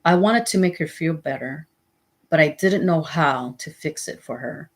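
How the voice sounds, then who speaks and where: Low husky woman reading a memoir. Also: moderate pace. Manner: steady first-person storytelling. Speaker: memoir reader. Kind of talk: audiobook reading.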